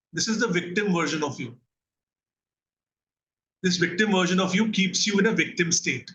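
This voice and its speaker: A man's voice: high voice, brisk, long pauses, pushed and bright, low-quality recording. Man, Indian English accent, therapist lesson, earnest, faint background hiss. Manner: earnest teaching, asks listeners questions and checks in. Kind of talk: recorded mental health lesson.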